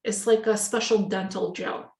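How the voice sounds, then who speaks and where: A woman's voice: medium pitch, steady tone, moderate pace, darkish tone. A woman chatting casually in an interview, telling family anecdotes and acting out quoted dialogue. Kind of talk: casual video-call interview. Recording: echoey room.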